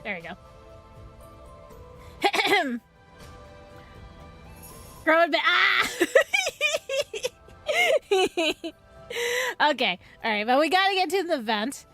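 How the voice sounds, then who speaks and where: A woman's voice: high-pitched, big pitch swings, drawn-out words, pauses often, bright, forceful tone, soft background music. A woman streaming, chatting casually and playfully with viewers, giggling often. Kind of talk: casual live-stream chat.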